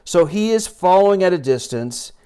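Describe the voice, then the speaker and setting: A man's voice: high-pitched, expressive, moderate pace, dark tone, clean tone. A man giving an informal sermon in a church, conversational and rambling, with many fillers and restarts, reading and retelling scripture. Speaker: preacher.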